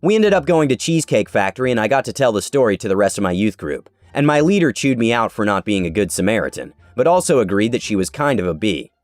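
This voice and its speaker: A man reads an online story aloud with sarcastic, animated delivery, his pitch leaping up and down through the tale. His voice sits close and dry on the mic. Soft music plays beneath him. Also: fast talker, few pauses, no echo. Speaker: narrator. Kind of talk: scripted narration of an online story. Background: faint background music.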